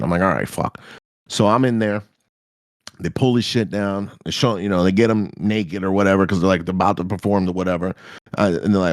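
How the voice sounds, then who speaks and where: A man hosting a podcast, telling a story in a casual, profane way and jumping into high-pitched reactions. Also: normal speed, no echo, clean studio sound. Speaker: podcast host.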